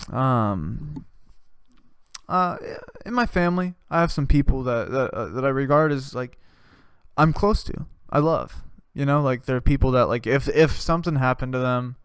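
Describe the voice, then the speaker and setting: A man's voice: mid-range voice, a bit bright, no echo, studio quality. A man hosting a comedy podcast, delivering a rambling, profane, worked-up rant. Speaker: podcast host.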